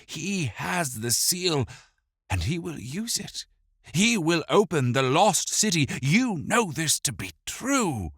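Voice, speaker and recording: A man's voice: a little high, sing-song, a bit bright, slightly rough, no echo, clean studio sound, voice pushed up, heavily acted. A man voicing a stern, commanding elven steward. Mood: grave. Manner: measured, grave, commanding.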